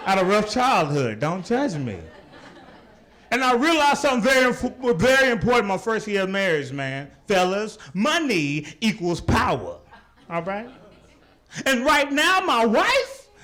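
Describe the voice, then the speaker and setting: A young adult man performing a stand-up routine on a club stage, teasing the crowd in an animated way. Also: sits high. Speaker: stand-up comedian. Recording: live club recording with audience noise.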